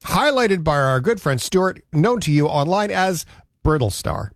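A man's voice: fairly high pitch, big pitch swings, unhurried, no room sound. A man from Canada hosting a radio show, chatting in a rambling, conversational way. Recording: dry studio sound.

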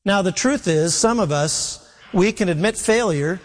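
Preacher, male, fairly high voice, earnest sermon delivery, long church reverb. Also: expressive, measured pace. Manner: earnest preaching, voicing Jesus in quotes. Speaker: pastor.

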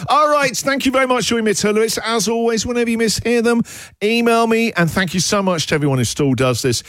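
A man's voice: extremely high pitch, fast talker, dry recording. A male radio host, joking and laughing often while reading out misheard song lyrics. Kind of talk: breezy radio banter. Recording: radio studio with loud music underneath.

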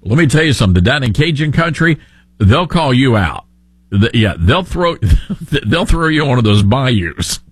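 Husky, animated male talk radio host. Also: mid-range voice, unhurried, dry recording. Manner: animated, sarcastic, joking.

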